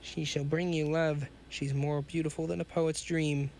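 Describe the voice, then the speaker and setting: A man's voice: fairly high pitch, flat delivery, moderate pace, gravelly, a little mellow, a little hiss or hum. A man reading as a ranting hunchbacked mad scientist. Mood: coaxing. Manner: grandiose, ranting.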